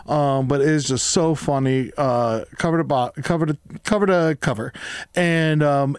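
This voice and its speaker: A man in his forties chats as a podcast co-host, rambling through stories with plenty of swearing and animation. His voice sits a little high, and the sound is dry and close. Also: clean tone, no echo. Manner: rambling, profane, animated retelling. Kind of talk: casual chat.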